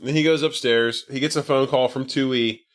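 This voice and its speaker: A man's voice: fairly even intonation, moderate pace. Rambling man recapping a movie. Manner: rambling, filler-heavy retelling, lifts his pitch for quoted lines. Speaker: podcast co-host. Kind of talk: casual movie recap chat.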